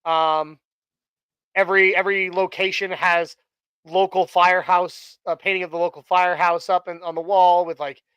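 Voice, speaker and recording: A man's voice: high voice, flat delivery, normal speed, a bit bright, clean tone, no echo, low-quality recording. A man hosting a casual live stream chat, talking in a rambling way with many fillers and restarts. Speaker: host.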